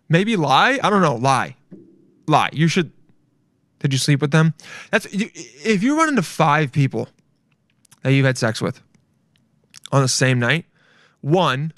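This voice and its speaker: Male podcast host, crude swearing bro-talk, slightly high voice, dry close sound. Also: a bit bright, no room sound. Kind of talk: casual solo podcast rant.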